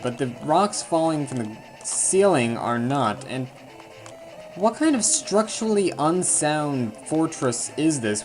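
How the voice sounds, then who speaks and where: Casual male let's-player, jokey and self-mocking, faint game music underneath. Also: a little high. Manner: rambling, self-deprecating, jokey asides. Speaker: let's play commentator. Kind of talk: casual gameplay commentary.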